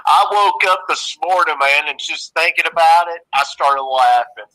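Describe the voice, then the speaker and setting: A man with a Southern drawl chats loosely on an online call. His voice sits a little high and rings very bright. He laughs often and swears casually. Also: normal speed, poor audio. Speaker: caller. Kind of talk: casual chat.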